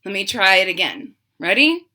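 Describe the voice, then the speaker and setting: A woman teacher reading a picture book aloud to children, expressive, with chatty asides to the class. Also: mid-range voice, moderate pace.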